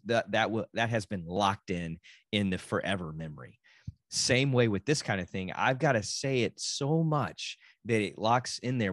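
With a lowish, slightly bright voice recorded without echo, a middle-aged dad from Texas hosts his own podcast. He speaks in a Texan accent, chatting casually on his own, drifting off topic and cutting himself off as he goes.

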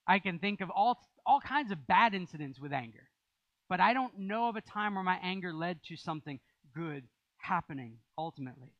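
A man's voice: high-pitched, animated, a little fast, fairly bright tone, dry recording, dull audio. A man preaching a sermon as pastor, in a conversational style with rising emphasis.

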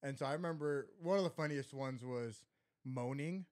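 A man's voice: mid-range voice, moderate pace. A man telling a rambling story in a casual podcast chat. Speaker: podcast co-host.

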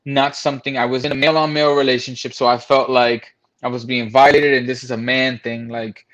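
A man's voice: mid-range voice, level tone, fairly quick, fairly bright tone, lo-fi sound. A man frankly telling a personal story, blunt and profane, acting out what others said. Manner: frank, profane, acts out quoted voices.

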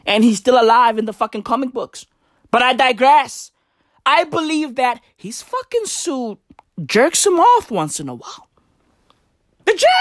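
A woman with a high, lively voice ranting in crude, slangy bro talk, swearing constantly. She drawls slowly and leans on every word. The sound is dry and close, with no room around it. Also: no room sound. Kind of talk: profane comedic rant.

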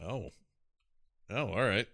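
Low-voiced rambling podcast man. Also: takes it slowly, gravelly, no echo. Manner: rambling, animated, searches for names. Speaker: podcast co-host. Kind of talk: casual chat about movies.

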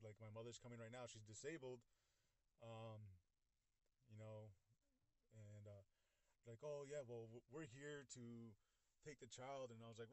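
Young man telling a story, halting. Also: mid-range voice, dry recording. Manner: halting, repeats words, acts out quoted speech. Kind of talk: casual storytime retelling.

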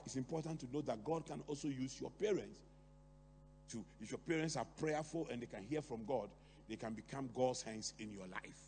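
A middle-aged man preaching a sermon, talking to the congregation with lively rhetorical questions and asides. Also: fairly high pitch, vocal fry. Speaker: pastor. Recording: long hall reverb, faint hum.

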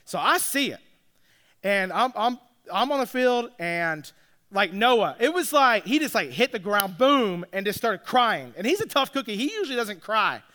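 A man with a high voice, wide pitch swings, moderate speed and a sharp tone tells a story casually. He's a dad who coaches youth flag football, and he keeps checking in with listeners, chatty, dropping in "all right?" and "like."

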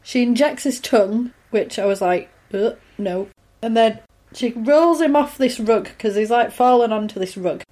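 A woman's voice: a little high, normal speed, dark tone. A woman in casual chat, wryly recapping a film with a chatty, easygoing delivery. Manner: chatty, wry, lots of fillers.

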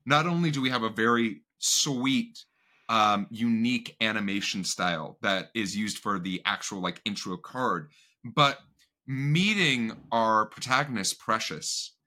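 A man hosting a casual podcast discussion, talking in quick, animated bursts full of fillers. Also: on the low side.

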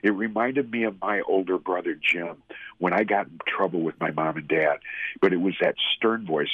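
A man's voice: low-pitched, slightly rough, dry recording. A man earnestly and emotionally telling his personal story as a guest. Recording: tinny phone-like sound.

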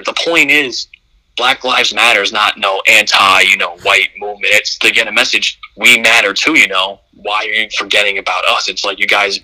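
A man speaks on a casual podcast in a low-pitched but strikingly bright, sharp voice. He talks bluntly and emphatically, drops slang and swears freely. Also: low-quality recording. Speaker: podcast co-host.

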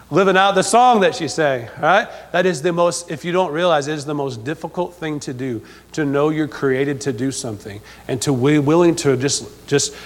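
A man preaches from the pulpit, his somewhat high voice ringing with a long reverb through the church. He is emphatic and repeats his phrases, often asking the congregation for an amen. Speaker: pastor. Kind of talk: sermon.

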